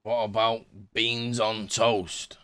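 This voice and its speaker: A man's voice: lowish voice, little pitch movement, takes it slowly, bright, forceful tone, smooth. A man in improvised role-play, playfully teasing with silly questions.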